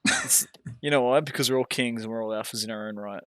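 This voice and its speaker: A man's voice: medium pitch, fast, fairly bright tone, clean tone, no room sound. An Australian man co-hosting a casual podcast, ranting and swearing freely. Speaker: podcast co-host. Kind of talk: casual chat.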